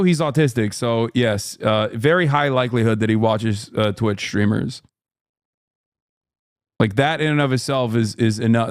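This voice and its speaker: A man's voice: mid-range voice, no echo. Man, streamer, casual reaction chat, swears a lot, dry sound. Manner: blunt, swears freely, talks to chat.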